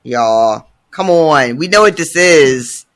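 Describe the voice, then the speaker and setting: Animated, dramatic man host. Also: on the high side, slow pace. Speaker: podcast host. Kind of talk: casual book discussion.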